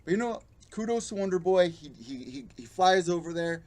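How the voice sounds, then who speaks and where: A young adult man hosts a live-streamed MMA show on his podcast, ranting bluntly and profanely while mocking the fighters he quotes. His high-pitched voice is a little mellow, brisk, and lively in intonation.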